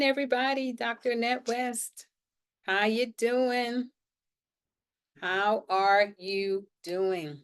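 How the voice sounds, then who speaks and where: A woman hosting a publishing Q&A live stream from her home, talking in an upbeat, motivational way and often repeating her phrases. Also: fairly high pitch. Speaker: host of a publishing Q&A show. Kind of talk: casual live-stream talk. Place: indoors at home.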